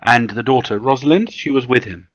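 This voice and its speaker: A man's voice: mid-range voice, fairly quick. A man playing a character in a tabletop game, speaking in a formal, old-fashioned way. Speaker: player. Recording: dull, dry recording.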